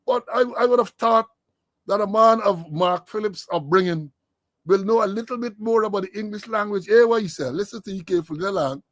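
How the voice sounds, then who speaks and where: A man's voice: high-pitched, a little fast, dry recording. A man with a Guyanese accent hosting a political commentary stream, sarcastic and lecturing, rambling as he goes. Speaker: host.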